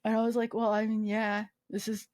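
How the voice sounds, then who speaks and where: A woman's voice: on the high side, completely flat delivery, a little fast, darkish tone, no echo, studio quality. A woman guest recounting a personal story in a casual interview, acting out the quoted dialogue and swearing freely. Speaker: guest, army veteran.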